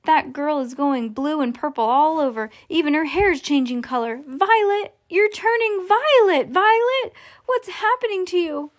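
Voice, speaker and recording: Woman putting on a shrill storybook mother, shrieking, high pitched, panicky. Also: expressive, unhurried. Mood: panicked.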